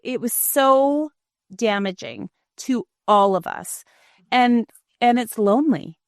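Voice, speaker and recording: A woman's voice: mid-range voice, no echo, clean studio sound. A middle-aged woman, a former news anchor, talking frankly and reflectively as an interview guest, often restarting her sentences. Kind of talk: candid interview conversation.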